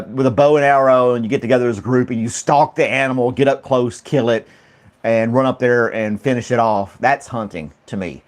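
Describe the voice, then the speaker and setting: A man hosting a casual chat stream, laughing often and rambling through questions to his viewers. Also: mid-range voice. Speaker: livestream host reading chat.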